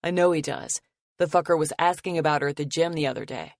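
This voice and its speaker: A woman voicing a protective, possessive young man who curses casually and grumbles low. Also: fairly even intonation, fast, dry recording, clean studio sound, natural voice. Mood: grumbling. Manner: gruff, curses casually, drops his voice low.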